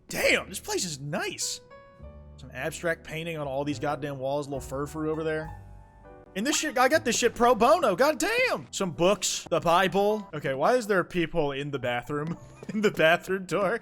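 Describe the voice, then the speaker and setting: A young man with a high, light voice riffing over a video game in casual gameplay commentary. He swears freely and makes sarcastic, excitable remarks, with faint game music underneath. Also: normal speed. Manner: profane, sarcastic, excitable asides. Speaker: gaming YouTuber.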